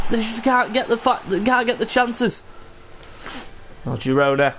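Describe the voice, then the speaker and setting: A man live-streaming a football video game, commentating his own match with frustration and bursts of shouting. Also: extremely high pitch, very animated, unhurried, a little hiss or hum.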